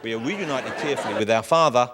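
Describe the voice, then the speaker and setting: Fast-talking male comic guest. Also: mid-range voice, a crowd in the background. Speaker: talk show guest. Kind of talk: comic studio banter. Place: TV studio with live audience. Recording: loud studio audience laughter and noise.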